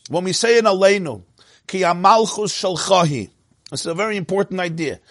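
Male Torah teacher, fairly high voice, emphatic, repeats lines for effect, dry close sound. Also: fairly quick, a bit bright, dry recording. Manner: emphatic, repeats phrases, laughs between points; mixes in Hebrew and Yiddish terms. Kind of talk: spoken Torah class.

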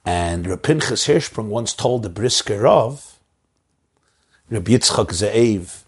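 Gravelly, impassioned rabbi giving a talk. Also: male voice, lively intonation, slow pace. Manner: impassioned, with big swings up in pitch for emphasis. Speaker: rabbi addressing community leaders. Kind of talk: inspirational Torah talk.

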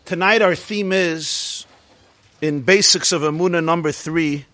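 A fairly high-pitched man teaching a class on Jewish faith. He is emphatic and stacks repeated phrases as he lectures to the room. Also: unhurried, sharp tone. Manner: emphatic, repetitive, builds phrase on phrase.

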